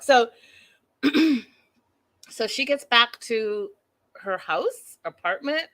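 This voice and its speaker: A woman's voice: a little high, animated, very slow, pauses often, a bit bright. A woman hosting an online recap of a reality show, talking casually and chattily with the viewers and laughing at herself.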